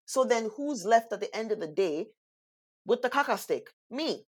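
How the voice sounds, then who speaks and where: A woman co-hosting a casual talk, telling stories in an animated way and acting out what people said. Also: on the high side, normal speed, slightly rough. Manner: animated storyteller, acts out quotes. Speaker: co-host. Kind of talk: casual chat.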